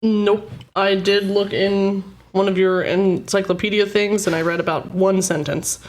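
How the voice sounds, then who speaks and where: A woman co-hosts a casual podcast chat, relaxed and a little hesitant, and she laughs easily. Her voice sits at a middle pitch. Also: a little slow. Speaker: podcast co-host.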